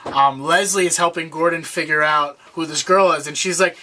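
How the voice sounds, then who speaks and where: Young guy rambling through a tv episode recap, bright edgy voice, lots of restarts. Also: fairly high pitch, brisk, hardly any pauses. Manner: rambling, many restarts, acts out quoted lines. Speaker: podcast co-host. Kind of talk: casual chat recapping a TV episode.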